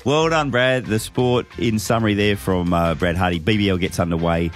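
Deep-voiced Australian radio host. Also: male voice, moderate pace, soft background music. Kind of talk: radio chat.

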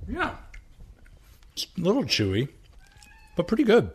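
Lively joking man cooking at home. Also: high-pitched, a little slow, a little hiss or hum. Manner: joking, thinks aloud with restarts. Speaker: home cook. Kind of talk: casual cooking chat. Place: home kitchen, indoors.

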